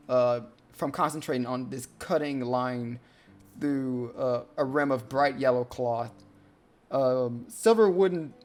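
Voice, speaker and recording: A man narrating a tabletop game as game master, describing scenes with halting pauses. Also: mid-range voice, a little mellow.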